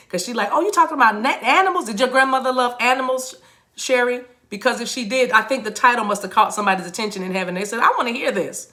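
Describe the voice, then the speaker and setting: A woman's voice: on the high side, pushed and bright. A middle-aged woman hosting a spiritual livestream, talking casually to her chat, laughing often and breaking into chanted tongue-like phrases.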